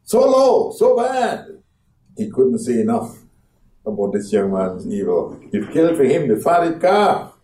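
A man preaching a sermon as pastor, dramatic, acting out quoted voices and swinging from hushed to loud. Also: lowish voice, animated, normal speed. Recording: echoey room from far off.

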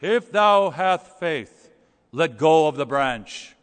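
Give me a preacher playing God's booming, drawn-out voice from above, with long church reverb. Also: male voice, lively intonation, a bit bright, smooth. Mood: solemn booming. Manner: slow, archaic, commanding. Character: booming solemn voice of God from heaven.

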